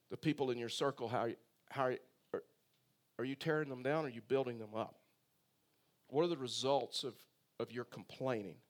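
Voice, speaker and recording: A man's voice: mid-range voice, a little fast. A male pastor preaching a sermon in a conversational storytelling way, full of rhetorical questions.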